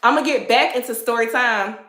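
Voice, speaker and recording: A woman with a Southern American accent, likely in her thirties, hosting a casual advice livestream and talking with viewers in an animated, chatty way that often breaks into laughter. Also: on the high side, quick pace, echoey room. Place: indoor room, seated.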